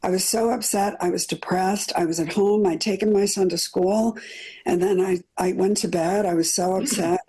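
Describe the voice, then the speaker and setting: A middle-aged woman recounts her own experience in an earnest, detailed way, often doubling words for weight. Her voice is mellow and slightly husky. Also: medium pitch, fairly even intonation, normal speed, low-quality recording. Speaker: cancer survivor interviewee. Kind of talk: personal storytelling in an interview.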